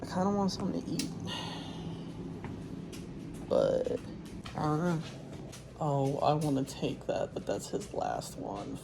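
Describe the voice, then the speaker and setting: A young woman casually chatting in a vlog at home, tired and unhurried, swearing now and then. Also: low voice, wildly swooping pitch, creaky, noisy background. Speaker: vlogger, truck driver.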